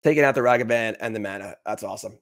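A man casually commentating a card game match, chatty and quick to laugh, with lots of fillers and restarts. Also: fairly low pitch, creaky, fairly bright tone.

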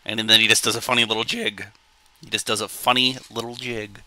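A man's voice: lowish voice, fairly even intonation, brisk, bright, forceful tone. A male streamer joking around on a live reaction stream, rambling with goofy asides.

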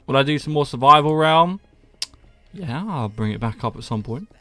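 A man's voice: mid-range voice, lively intonation, normal speed, fairly bright tone, no echo, faint music behind. A young man live-streaming Minecraft, chatting jokily with viewers and answering them by name. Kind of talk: casual live-stream chat, reading chat aloud.

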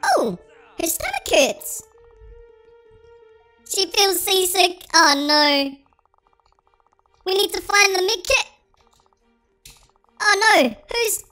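A gaming channel host giving bubbly, giggly, excited commentary in a high, pitch-shifted chipmunk-style voice. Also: slow, long pauses, soft background music.

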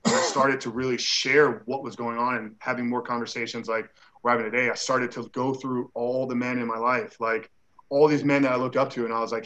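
A man's voice: mid-range voice, little pitch movement, a little fast, sharp tone. Man in a dull lo-fi recording, telling a personal story. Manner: acts out quoted dialogue, many "like" fillers. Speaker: interview guest.

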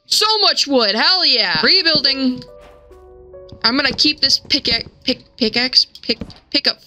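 A young woman giving casual gameplay commentary, excitable, swearing and shrieking when startled. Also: high voice, measured pace, low-quality recording. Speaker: gaming streamer. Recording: music playing behind the voice.

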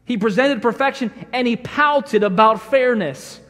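A male pastor preaches a sermon in an emphatic style, slipping into the voices of the people he quotes. His voice sits high for a man, and it rings with the long reverb of a church sanctuary. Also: measured pace, a bit bright.

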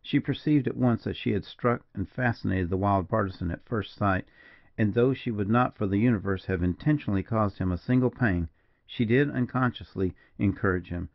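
A man narrating an old western novel as an audiobook, in a measured storytelling manner. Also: lowish voice, gravelly, no echo. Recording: dull lo-fi dry recording.

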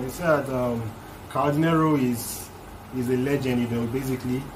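A man's voice: medium pitch, fairly even intonation, moderate pace, slight background noise, low-quality recording. A man hosting a music reaction video, casually explaining rap lines one by one in a loose, chatty way.

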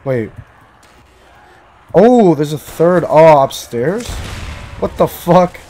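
Swearing young gamer, slightly high voice. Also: male voice, drawn-out words. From Canada. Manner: profane, excitable, talks to himself. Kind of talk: casual gameplay commentary.

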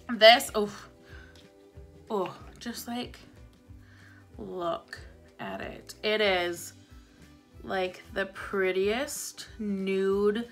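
A woman's voice: medium pitch, fairly bright tone. A young woman chatting casually about a shopping haul, bubbly and repetitive for emphasis. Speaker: beauty vlogger.

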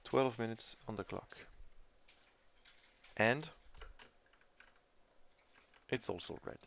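A man's voice: lowish voice, very slow, creaky, fairly bright tone. A man giving casual live-stream commentary on a tabletop game, thinking aloud as he reads the game state. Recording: dull lo-fi stream audio.

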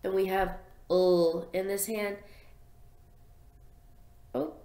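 A young woman teaching a phonics lesson to small children, sounding out letters slowly and in a sing-song way. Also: mid-range voice, flat delivery, warm tone. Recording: echoey room.

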